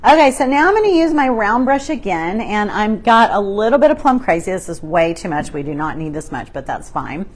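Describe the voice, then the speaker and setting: A woman's voice: medium pitch, very animated, brisk, few pauses. A middle-aged woman, hosting a live painting tutorial and chatting casually as she works her brush. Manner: chatty, laughs often, talks through her brushwork. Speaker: craft painting host.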